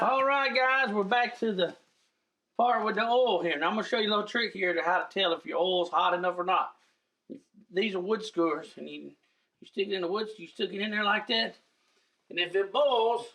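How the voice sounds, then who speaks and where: A middle-aged cooking show host gives a casual demo from his home kitchen, folksy and talkative, referring to viewers as guys. His high voice is bright with a forceful tone, and the audio quality is poor.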